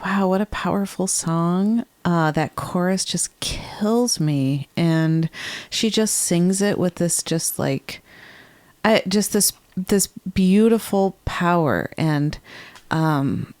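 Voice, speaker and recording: A woman's voice: on the low side, animated, takes it slowly, a little mellow, no echo. A woman co-hosting a podcast in casual chat, chatty and teasing, laughing easily. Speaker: podcast co-host.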